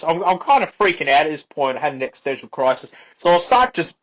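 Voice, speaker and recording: A man's voice: fairly high pitch, fast, few pauses. A man with an Australian accent rambling through absurd comic stories in a laid-back drawl full of "like" and "mate". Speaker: comedic YouTuber. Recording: dull lo-fi test microphone.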